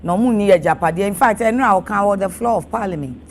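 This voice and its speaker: A woman's voice: medium pitch, fast talker. A woman with a Ghanaian accent hosting a radio talk show, asking short prompting questions. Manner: brief prompting questions and acknowledgements. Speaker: radio host.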